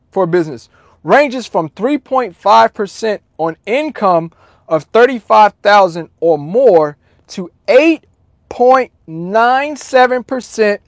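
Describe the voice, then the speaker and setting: A man talks straight to his livestream chat, animated, profane and full of repeats. His voice sits fairly high for a man. The sound is dry and close, with no room echo. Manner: profane, animated, repetitive, addresses chat directly. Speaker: livestream host answering chat. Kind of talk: casual livestream talk.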